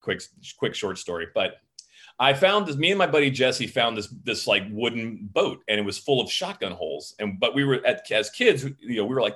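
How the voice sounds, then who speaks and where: A middle-aged man from Florida, a film director guest, telling a rambling, animated story in a casual interview. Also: medium pitch, moderate pace. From Florida, USA.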